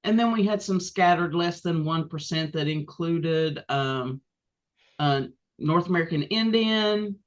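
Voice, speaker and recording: A woman co-hosting a podcast, chatting casually with her sisters, pausing often with ums. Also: on the low side, highs cut off. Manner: relaxed, many ums and pauses. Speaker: podcast co-host. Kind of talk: casual chat.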